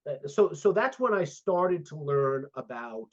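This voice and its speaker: A man in his fifties talks through his career as a guest psychologist, acting out quoted conversations as he goes. His voice sits a little high for a man. The audio is muffled and lo-fi. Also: a little slow. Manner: animated storyteller, acts out quoted dialogue. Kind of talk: casual interview storytelling. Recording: dull lo-fi audio.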